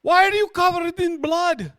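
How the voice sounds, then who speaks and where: A man voicing a panicked male cab driver who yells at his passenger. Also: very high-pitched, moderate pace, voice pushed up. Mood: frantic. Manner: panicked, yelling.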